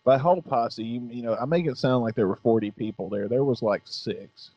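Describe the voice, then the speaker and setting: A laid-back middle-aged man in a casual podcast chat, swearing freely and laughing between stories. His voice sits at an ordinary pitch. The sound is dull and lo-fi with no room echo. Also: fairly quick, darkish tone. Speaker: podcast host.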